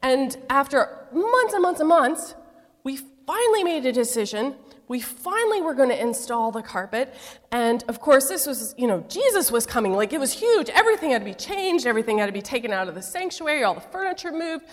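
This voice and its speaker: A woman's voice: high-pitched, big pitch swings, fairly quick, big-room sound. A middle-aged woman pastor preaching a sermon, telling stories with playful asides.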